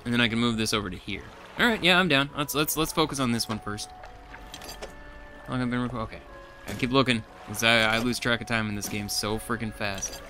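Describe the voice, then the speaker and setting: Bright-voiced man narrating his gameplay. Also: medium pitch, brisk, soft background music. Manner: chatty, frustrated outbursts. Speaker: gameplay streamer. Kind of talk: let's play commentary.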